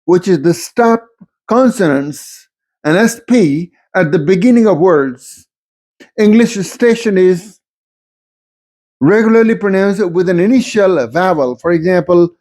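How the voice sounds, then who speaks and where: A man's voice: high-pitched, a little mellow. A man giving a recorded lecture on varieties of English, explaining steadily and stopping to give spoken examples.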